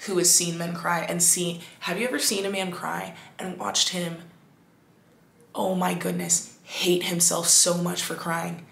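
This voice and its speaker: A woman hosting a podcast, talking in a casual, animated monologue full of "like"s and restarts. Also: lowish voice, measured pace, vocal fry, echoey room. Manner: animated, chatty, many "like"s and restarts. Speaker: podcast host.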